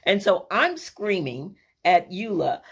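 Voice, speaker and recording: A woman telling a personal family story, animated and acting out the scenes as she goes. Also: on the low side, slow, breathy edge.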